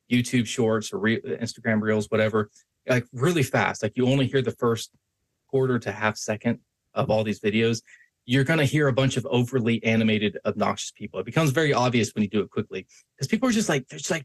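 Husky-voiced man giving a casual voice lesson. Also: medium pitch, no echo. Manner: conversational, varies his tone to demonstrate, frequent restarts and "right?" checks. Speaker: podcast host. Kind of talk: instructional talk on voice and persuasion.

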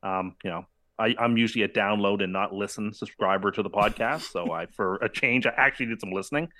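A man's voice: lowish voice, quick pace, bright, forceful tone, dry recording. A man guesting on a podcast, joking with self-mocking bravado. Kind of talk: casual chat.

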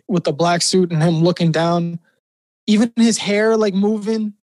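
A man co-hosting a podcast, excitable and filling his talk with "like". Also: high-pitched, measured pace, no room sound, clean studio sound. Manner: excitable, peppers speech with "like". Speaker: podcast co-host. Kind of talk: casual chat.

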